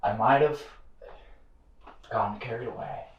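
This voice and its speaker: An actor in a comedy sketch playing a grown man convinced he is a dog, talking earnestly and deadpan in a put-on dog accent. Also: medium pitch, unhurried, muffled recording, noisy background, lightly acted. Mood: sheepish.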